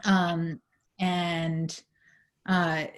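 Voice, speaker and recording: Low-voiced woman, hoarse, explaining. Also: little pitch movement. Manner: measured, with frequent fillers. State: losing her voice. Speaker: legal advocate in a panel discussion. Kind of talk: explanatory panel talk.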